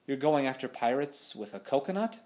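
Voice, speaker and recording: A man's voice: mid-range voice, big pitch swings, a little fast, pitched above the performer's own voice, lightly acted. A man reading an audiobook, voicing a stubborn plump boy who grumbles and scoffs. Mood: scoffing.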